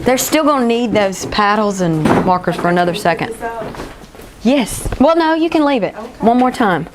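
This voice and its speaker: A woman teacher leading a classroom phonics lesson, encouraging and stretching sounds out slowly. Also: a little high, lively intonation, very noisy.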